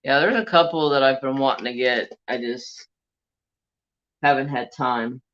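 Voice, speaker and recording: A man hosting a crafts livestream in casual chat, slow and chatty, a bit teary and sniffly, at home with a fan blowing. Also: medium pitch, a bit bright. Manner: slow, chatty, humming to himself. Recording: dull lo-fi stream audio.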